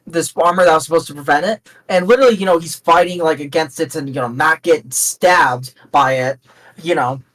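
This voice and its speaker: A man's voice: a little high, fairly quick, fairly bright tone, far from the mic, poor audio. A man co-hosting a casual game review podcast, talking enthusiastically and repeating himself as he makes his points. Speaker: podcast co-host.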